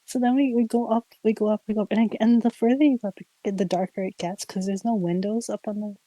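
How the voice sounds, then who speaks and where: A young woman streamer casually telling a ghost story, animated and giggly, full of "like" fillers. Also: medium pitch, quick pace, no echo, rough recording. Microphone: streaming mic.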